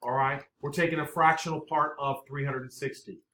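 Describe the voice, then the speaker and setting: A man teaching a math class, brisk and coaxing, often checking in with the students. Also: fairly high pitch, flat delivery, fairly bright tone. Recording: echoey classroom, faint noise.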